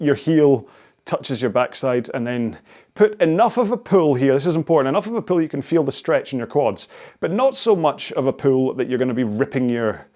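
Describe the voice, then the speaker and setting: A man's voice: mid-range voice, a little mellow. A man in his forties leading a follow-along stretching cooldown, chatty and self-mocking, wandering off into personal asides. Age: 40s. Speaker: rowing coach.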